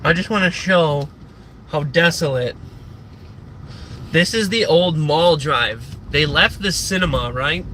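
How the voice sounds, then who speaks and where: A man's voice: a little high, slow pace, long pauses, pushed and bright, low-quality recording. A young man chatting casually on a live stream, rambling and swearing with lots of fillers, a bit out of breath. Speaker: livestreamer. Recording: outdoor street noise behind.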